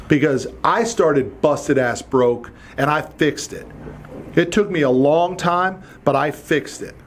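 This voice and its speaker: A middle-aged man hosting a solo podcast, talking bluntly and with animation, swearing casually. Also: on the high side. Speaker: podcast host.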